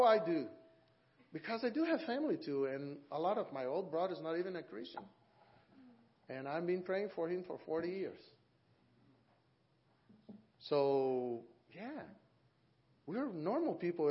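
Animated male preacher, lo-fi. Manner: animated, acts out quoted voices with big pitch jumps. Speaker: guest preacher. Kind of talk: sermon. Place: church. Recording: dull lo-fi church audio recording.

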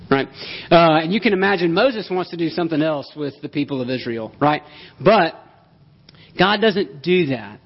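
Guy preaching a sermon, kinda high voice, emphatic and chatty, dull muffled recording. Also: animated, normal speed. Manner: emphatic, conversational preaching with rhetorical questions. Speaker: pastor. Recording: dull lo-fi sound.

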